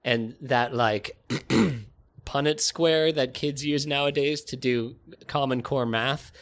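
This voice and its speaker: A man's voice: medium pitch, slow. A man narrating an improvised comedy story, rambling and giggling, with lots of filler words. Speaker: podcast co-host narrating.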